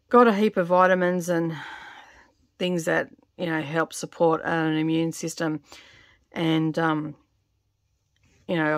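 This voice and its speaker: A middle-aged Australian woman talks casually while she works, rambling with plenty of ums and a slightly croaky edge. Her voice sits on the low side. The recording is dry, with little room sound. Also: a bit bright, dry recording. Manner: rambling, filler-heavy, chatty. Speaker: cross-stitch vlogger. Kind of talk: casual chat while stitching. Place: home craft studio. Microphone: camera on tripod.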